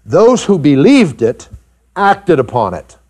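A man preaching a sermon to his congregation, animated and rising high in pitch when he acts out doubters. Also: slow pace. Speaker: pastor. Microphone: pulpit mic recorded for tape.

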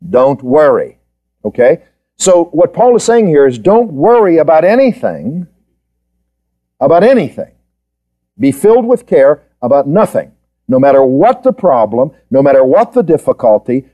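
A man's voice: fairly high pitch, mellow. A man giving a Bible study lecture, quizzing his students and repeating key points for emphasis. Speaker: Bible teacher.

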